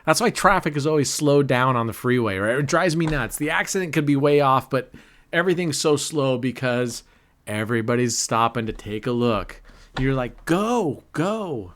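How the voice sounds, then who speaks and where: A man's voice: mid-range voice, moderate pace, a bit bright. A middle-aged man giving casual, joking live commentary on his casino session, laughing often and cheering or groaning at each spin. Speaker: casino vlogger.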